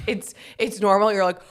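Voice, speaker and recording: A young woman co-hosting a podcast in casual chat, pregnant and a bit short of breath, playful and quick to laugh. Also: medium pitch. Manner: playful, teasing, laughs often. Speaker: podcast co-host.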